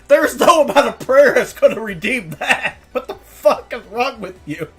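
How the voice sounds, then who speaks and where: Animated woman ranting on stream. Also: on the high side, normal speed, slightly rough, faint music behind. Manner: animated ranting, laughs often, swears. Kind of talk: casual stream chat.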